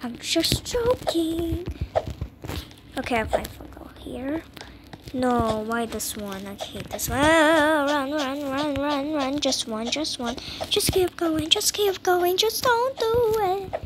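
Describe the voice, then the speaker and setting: Woman, high lively voice, slow and drawn-out talk, sound, jittery and dramatic game commentary, noisy background. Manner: jittery and dramatic, swinging between whispers and squeals. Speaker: gamer playing a horror escape game. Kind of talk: casual gameplay commentary.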